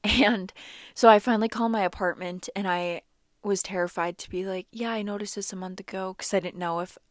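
A woman's voice: medium pitch, a little fast, no room sound, studio quality. A young woman vlogger telling a personal story in a chatty, casual way, full of "like" fillers. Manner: chatty, animated, many "like" fillers.

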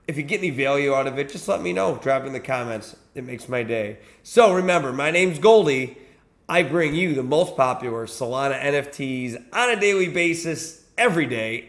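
Sleepy, chatty man hosting a video. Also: fairly high pitch. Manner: relaxed, chatty, reads descriptions aloud with filler words. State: sleepy, yawning. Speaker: host of a daily crypto collectibles show. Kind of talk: casual screen-share commentary.

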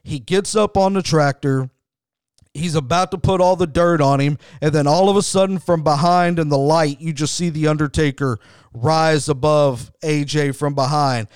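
A man's voice: a little high, normal speed, smooth, dry recording, clean studio sound. A middle-aged man hosting a wrestling show, giving enthusiastic, conversational commentary with frequent restarts. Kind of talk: podcast commentary.

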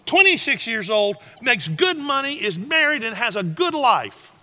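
An older man preaching a sermon, telling animated stories and swinging between loud and hushed delivery. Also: very high-pitched, measured pace. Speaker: pastor.

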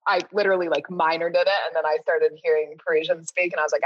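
A woman's voice: lowish voice, fairly even intonation, fast, no echo. A woman guest telling stories in casual interview chat, in a chatty, self-deprecating way. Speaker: guest, food writer. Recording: dull, dry lo-fi sound.

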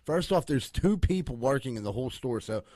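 A man's voice: medium pitch, expressive, a little fast, mellow, no echo. A man chatting casually with friends, telling a crude, exasperated story and swearing often. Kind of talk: casual chat.

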